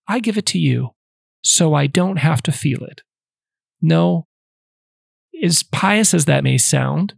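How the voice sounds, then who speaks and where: A man hosting a podcast, calmly teaching prayer in numbered steps with a casual, conversational manner. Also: fairly high pitch, vocal fry, breathy edge, no echo, studio quality. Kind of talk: casual instructional talk.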